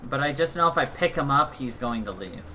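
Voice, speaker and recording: A man's voice: mid-range voice, animated, a little fast, sharp tone, slight background noise. A man streaming a game and making playful, joking asides. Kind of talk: casual gameplay commentary.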